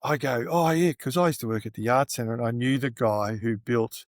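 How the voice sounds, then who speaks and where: A man's voice: medium pitch, fairly even intonation, fairly quick, no room sound, clean studio sound. A middle-aged Australian man telling a long story as an interview guest, rambling with plenty of fillers and restarts.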